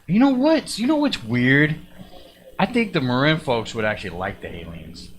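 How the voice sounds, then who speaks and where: A man's voice: mid-range voice, sing-song, normal speed, a little hiss or hum. A man hosting a live call-in stream, chatting casually, rambling and repeating himself often. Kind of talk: casual chat.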